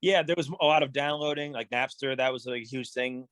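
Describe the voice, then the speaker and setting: A man, a musician guest on a podcast, telling stories in a relaxed, rambling way with many fillers. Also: mid-range voice, brisk, dry recording. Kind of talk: casual storytelling in an interview.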